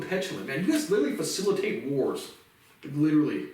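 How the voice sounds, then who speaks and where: A man's voice: a little high, wildly swooping pitch, fast, a little mellow, a little hiss or hum. A man in a profane, agitated ranting monologue, stacking up "literally" again and again. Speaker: vlogger. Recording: echoey room, speaker far from mic.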